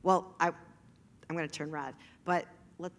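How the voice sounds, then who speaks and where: A woman's voice: low voice, steady tone, measured pace. A woman interviewing a guest on stage, chatty and laughing, with lots of "like". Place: stage in a large hall. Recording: reverberant hall, faint noise.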